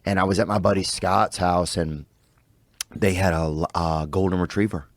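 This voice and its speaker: A man's voice: sits low, steady tone, normal speed, no room sound. A man as a podcast guest, talking in a laid-back, jokey, rambling way. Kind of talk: casual chat.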